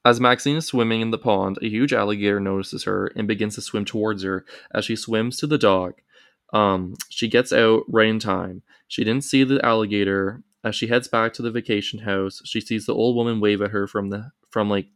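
A man's voice: lowish voice, fairly even intonation, normal speed, fairly bright tone, no room sound, clean studio sound. A young man hosting a casual podcast, recapping film scenes in long narrating stretches.

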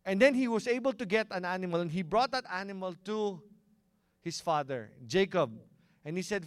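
A man's voice: high-pitched, lively intonation, normal speed, clean tone, no room sound, studio quality. A man preaching a sermon and often asking the congregation questions. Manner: engaging, asks the congregation questions. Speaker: pastor.

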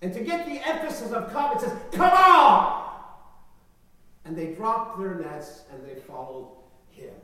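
A man preaching a sermon with emphatic, repetitive phrasing and big swings between quiet and loud, in a large church hall. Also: sits high, sing-song, moderate pace. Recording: echoey hall, voice from far off.

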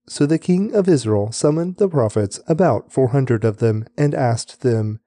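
A man reading scripture aloud in a measured, even way for a daily reading. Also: medium pitch, dry recording. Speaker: scripture reader.

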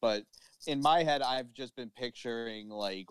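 A man's voice: medium pitch, a little slow, clear, resonant tone, no room sound. Rambling male podcast co-host. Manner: rambling, lots of fillers, swears. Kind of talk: casual podcast chat.

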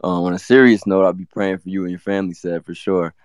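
A man co-hosting a sports podcast, talking quickly and relaxed. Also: deep voice, clear, resonant tone, no echo. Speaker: podcast co-host. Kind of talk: casual sports podcast chat.

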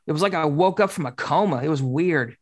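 A woman telling a personal story in casual conversation, swearing often and talking in an animated, candid way. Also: sits low, fairly quick. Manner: swears constantly, animated, acts out quoted dialogue.

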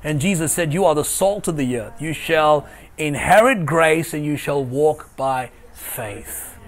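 A man's voice: a little high, expressive, measured pace, vocal fry. Emphatic male pastor preaching online. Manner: emphatic, repeats key phrases. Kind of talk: online sermon. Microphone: video call.

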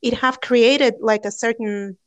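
A woman's voice: a little high, fairly even intonation, a little slow. A woman whose first language is Russian, co-hosting a casual podcast chat, earnest and acting out quoted voices as she talks. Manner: earnest, acts out quoted voices, frequent fillers. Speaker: podcast co-host. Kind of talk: casual conversation.

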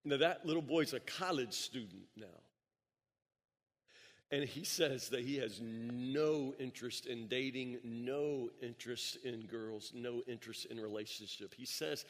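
A man preaches a sermon in a mid-range voice and tells stories in the pulpit's steady way. He repeats words as he goes and lifts his voice for emphasis. A long reverb trails each phrase around the large church hall. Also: medium pitch, unhurried. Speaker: pastor. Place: church sanctuary.

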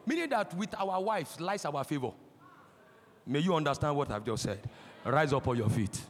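A man in his forties with a Nigerian accent, preaching a sermon as a pastor, impassioned and breaking into shouts. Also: a little high, animated, moderate pace. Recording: long hall reverb.

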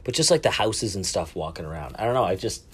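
A man's voice: deep voice, sing-song, fast talker, fairly bright tone, slightly rough. A man hosting a casual solo podcast from a cruise ship, rambling, swearing and poking fun at himself. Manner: rambling, profane, self-mocking. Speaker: podcast host. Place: cabin aboard a cruise ship.

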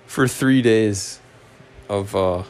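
Low-voiced man rambling through a story. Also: extremely slow, slight background noise. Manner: rambling, profane, self-mocking. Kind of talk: casual storytelling monologue.

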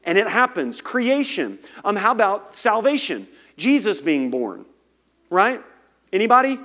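A middle-aged male pastor preaching a sermon in a lively, joking way, slipping into voices for the people in his story. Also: high voice, measured pace. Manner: animated, joking, plays voices of biblical characters.

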